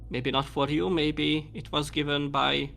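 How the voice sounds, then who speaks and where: Guy doing a polite hesitant vampire stunt woman, super slow, gravelly, faint music. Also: a little high, little pitch movement, fairly bright tone.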